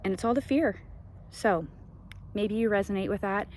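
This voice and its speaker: A woman's voice: medium pitch, normal speed, a little mellow, slight background noise. Woman, podcast host, spiritual monologue, passionate, ranting, laughs often.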